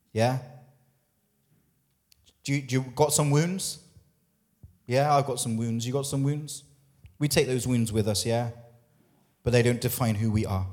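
Emphatic pastor preaching a sermon. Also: male voice, medium pitch, fairly even intonation, moderate pace, long pauses, darkish tone. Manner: emphatic, repeats phrases and asks the crowd questions. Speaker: lead pastor. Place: church.

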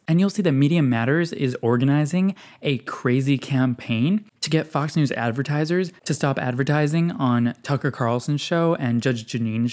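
Man hosting a reaction commentary, sarcastic, scoffing, lively ups and downs in pitch. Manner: sarcastic, scoffing, reads text aloud. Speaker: commentary video host.

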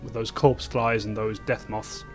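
A man's voice: lowish voice, flat delivery, unhurried. Man, formal and polite, stammering, in-character role-play, faint music. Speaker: player.

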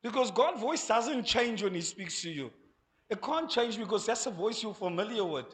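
A man with a South African accent preaching a sermon in church on a handheld mic, animated, acting out voices and laughing as he preaches. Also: high-pitched, moderate pace. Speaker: pastor.

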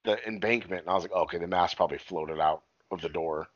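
A low-pitched man co-hosting a podcast rambles through a movie's plot at a quick pace, cursing freely and performing the characters' lines in casual chat. There's no room sound, and the recording is lo-fi.

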